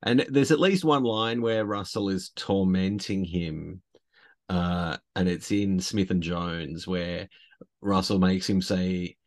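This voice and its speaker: A man's voice: deep voice, steady tone, slow pace. A man co-hosting a podcast in casual chat, talking enthusiastically with rambling restarts. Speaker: podcast co-host.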